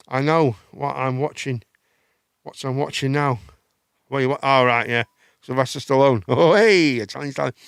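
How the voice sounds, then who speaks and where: A man's voice: mid-range voice, fairly bright tone, no echo, clean studio sound. A middle-aged man hosting a live chat show, rambling with stammering restarts and casual swearing.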